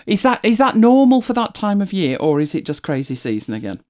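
Host, casual chat to viewers, animated pitch, chatty and self-correcting. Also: fairly quick. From United Kingdom. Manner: chatty, rambling, self-correcting, laughs often. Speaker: livestream host.

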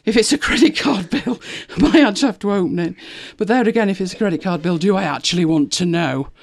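A woman livestreams from home, casually chatting with her viewers in a brisk, gravelly voice. She laughs a lot and switches to a high, sing-song tone whenever she talks to her dog.

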